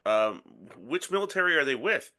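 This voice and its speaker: Man with a very bright, dry wit. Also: on the high side, big pitch swings, normal speed. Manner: dry joking riffs. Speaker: podcast co-host. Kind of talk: casual podcast chat.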